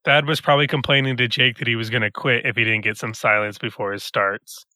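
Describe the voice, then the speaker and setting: A man playing in a tabletop game podcast, joking in quick banter. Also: mid-range voice, steady tone, bright, forceful tone, no room sound. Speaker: player. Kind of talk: casual podcast chat.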